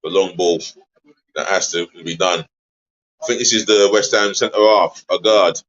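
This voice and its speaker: A man's voice: low voice, fairly even intonation, a little slow. Chatty man on a lo-fi stream. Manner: exasperated, chatty, giving shout-outs. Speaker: live stream host. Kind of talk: live watch-along football commentary.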